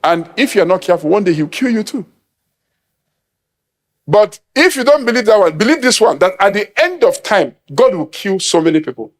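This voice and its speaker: A middle-aged man from Nigeria preaching an emphatic sermon, acting out quoted voices and laughing at his own points. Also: sits high. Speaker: apostle preaching.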